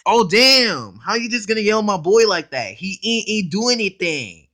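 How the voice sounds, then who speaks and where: A man hosting a casual reaction video, excitable and blunt, talking in slang straight to his viewers and cutting in often to comment. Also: high-pitched, moderate pace, faint music behind. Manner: excitable, blunt and profane, keeps interrupting with "hold up".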